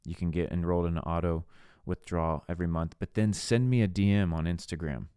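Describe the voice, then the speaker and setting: A man with a low, dark, clean voice and fairly even intonation talks quickly as a podcast host, preaching in a casual, earnest, conversational way. He reads scripture, talks it through, and slips into voicing skeptics, recorded at studio quality with no echo.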